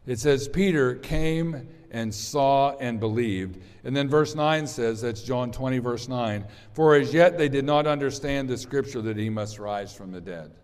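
A man's voice: medium pitch, a little slow, few pauses, darkish tone, clean tone. A man preaching an Easter sermon as pastor, conversational and rambling, with restarts and asides to the congregation. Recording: long hall reverb.

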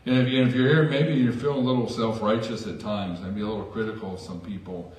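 A man's voice: lowish voice, steady tone, quick pace, darkish tone, far from the mic. Man, pastor, sermon, conversational, self-deprecating asides, echoey church, faint background noise. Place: church sanctuary. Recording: echoey church hall from afar.

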